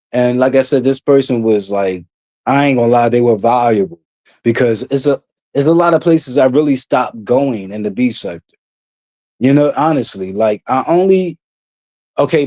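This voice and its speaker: A man's voice: medium pitch, a little mellow, no room sound. A young man hosting a casual livestream, rambling with lots of fillers, blunt and profane. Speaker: livestream host.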